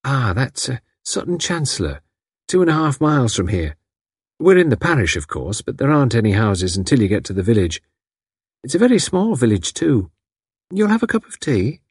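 A man reads aloud as a slightly odd country housewife from a lonely house, friendly and chatty, rambling in a homely way. He speaks at a moderate pace in a very animated, husky, medium-pitched voice. The sound is clean studio audio without any room sound.

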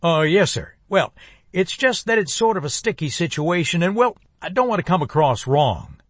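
A man's voice: fairly high pitch, sing-song, fairly bright tone, no room sound, pitched above the performer's own voice. A man voicing a small-town police chief who speaks in a hesitant, deferential way. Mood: nervous hesitant. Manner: hesitant, halting.

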